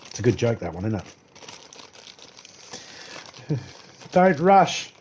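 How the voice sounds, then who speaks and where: A man's voice: mid-range voice, sing-song, slow pace, darkish tone, slight background noise. A man with an Australian accent live-streaming a video game, chatting casually with viewers and making crude jokes. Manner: crude, joking banter, chuckles between lines.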